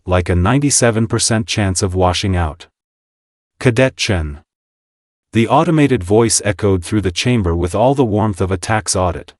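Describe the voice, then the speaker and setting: A man's voice: lowish voice, dry recording, studio quality. A man narrating a scripted sci-fi story with a wry, sardonic delivery.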